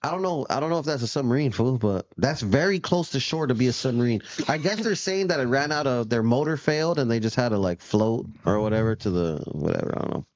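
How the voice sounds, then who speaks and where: A man's voice: mid-range voice, expressive, quick pace, few pauses, dry recording, lo-fi sound. A man co-hosting a casual show, talking in a laid-back, profane way and laughing often while he reacts to news clips. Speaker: podcast co-host.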